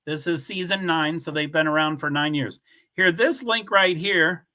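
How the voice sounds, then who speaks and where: A man runs a casual livestream, talking loosely and bluntly as he reads out viewers' comments. His voice sits high for a man and comes across bright and forward. He talks into a computer mic. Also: moderate pace. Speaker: livestream host.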